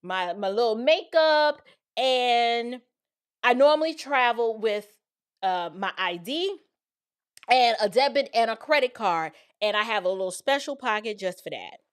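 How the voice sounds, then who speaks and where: Lady host telling a story, kinda high voice, lively, does little voices for people. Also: measured pace, clear, resonant tone. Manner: animated, quotes people in changed voices. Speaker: show host. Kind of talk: casual storytelling to viewers.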